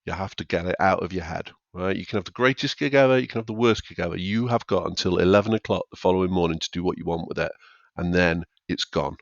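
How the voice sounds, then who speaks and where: A man's voice: low-pitched, fast, gravelly, no echo, highs cut off. A man, a stand-up comedian talking casually on a podcast and often acting out what people say. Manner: chatty, acts out quotes of himself and others.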